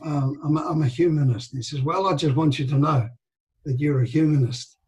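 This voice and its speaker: Older male guest, raised voice, animated storyteller acting out dialogue. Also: on the high side, a little fast, poor audio. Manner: animated anecdotes with quoted dialogue and laughter. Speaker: interview guest. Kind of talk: storytelling in a casual interview.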